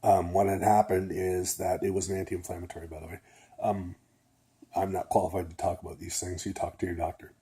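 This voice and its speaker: A man's voice: low-pitched, little pitch movement, a little fast, dark tone, slightly rough. An older man, a retired nurse, talking casually to camera in a rambling way, a little nasal and often checking in with "okay?". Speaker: vlogger.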